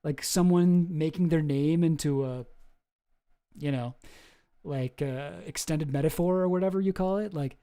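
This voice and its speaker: A man's voice: fairly high pitch, normal speed, dark tone, clear, resonant tone. A man streaming, reacting to a video in a rambling, exasperated way and swearing freely. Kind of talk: casual commentary.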